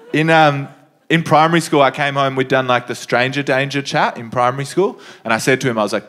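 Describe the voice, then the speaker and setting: A man's voice: medium pitch, quick pace, fairly bright tone. A young man with an Australian accent doing laid-back stand-up storytelling on stage. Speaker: stand-up comedian.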